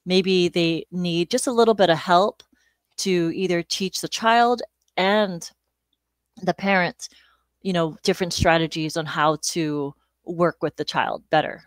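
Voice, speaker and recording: A woman in her forties, a speech-language pathologist guest, explaining calmly and informatively. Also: fairly low pitch, a little slow, dry recording. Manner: calm, informative, with "you know" fillers. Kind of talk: explanatory interview talk.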